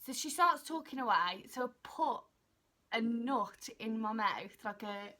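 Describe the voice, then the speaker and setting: Bright, giggly young woman. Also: a little high, unhurried. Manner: animated, giggly, acts out quotes. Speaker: vlogger, model. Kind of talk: casual storytelling chat.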